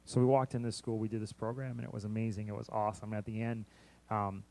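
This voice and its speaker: A man, a missionary preacher, telling a long story in a sermon, often repeating words and restarting, lively when he quotes others. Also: on the low side, fast, gravelly. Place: church sanctuary.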